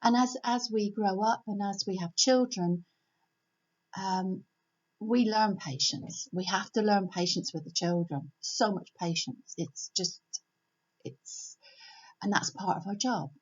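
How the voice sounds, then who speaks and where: An older woman giving a homely, gentle devotional talk from home, repeating her key phrases. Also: medium pitch, unhurried. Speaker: church speaker. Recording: dull lo-fi home recording.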